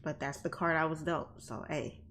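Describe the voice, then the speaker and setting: A woman with a lowish voice hosts a casual livestream, blunt and outspoken as she talks to her chat. She laughs often and talks straight to her viewers from off camera. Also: little pitch movement, normal speed, fairly bright tone, a little hiss or hum. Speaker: livestream host, trading educator. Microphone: off camera, desk mic.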